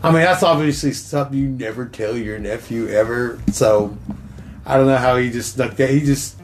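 A man's voice: medium pitch, normal speed, noisy background. A young man co-hosting a casual podcast, telling rambling, profane stories and laughing along. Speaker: podcast co-host. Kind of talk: casual chat.

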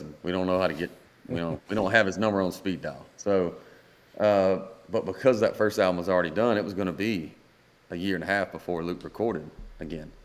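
A man, a guest singer-songwriter, telling a rambling story in a casual podcast chat and acting out the dialogue. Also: sits low.

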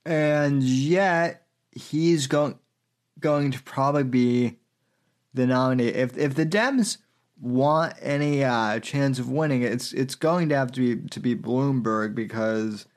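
A man hosting a political commentary podcast, talking in a halting way with many fillers. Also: medium pitch. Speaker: podcast host.

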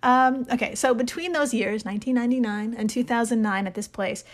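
A woman's voice: fairly high pitch, a little fast. Giggly woman co-hosting a podcast. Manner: giggly, laughs often while talking. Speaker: podcast co-host. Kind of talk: casual chat.

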